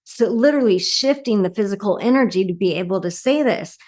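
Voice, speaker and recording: Speaking briskly and with animation, a woman with a medium-pitched, somewhat dark voice reflects on grief and compassion. She works as a medium, is being interviewed, talks earnestly, and often tags "right?" onto her sentences.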